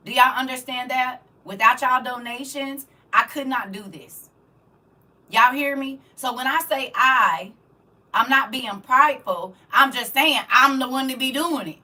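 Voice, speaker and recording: A woman's voice: high voice, unhurried, pushed and bright, recorded from a distance. A woman who teaches the Bible online, chatting casually on a livestream, speaking emphatically and repeating herself to drive points home. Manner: emphatic, repetitive, keeps asking "you hear me?". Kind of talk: casual livestream chat, reading viewer comments.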